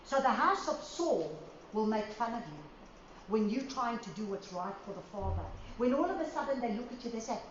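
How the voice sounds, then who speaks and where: A woman preaching at a conference, lively and storytelling, with acted asides. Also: a little high, normal speed, slight background noise. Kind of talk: conference sermon. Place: conference hall. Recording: roomy hall sound, dull audio.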